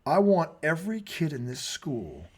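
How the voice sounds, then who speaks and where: A man's voice: on the high side, wildly swooping pitch, moderate pace, husky. A man co-hosting a casual sports talk show, telling stories animatedly with swearing and laughter. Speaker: co-host.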